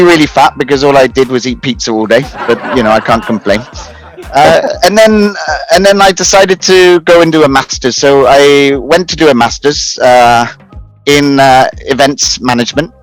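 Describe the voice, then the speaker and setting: A man's voice: mid-range voice, rough recording. A British man in his thirties, a talk-show guest telling his career story in a rambling way, full of restarts and self-mocking laughs. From United Kingdom. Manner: rambling, many restarts and fillers, laughs at himself. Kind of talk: casual conversational storytelling.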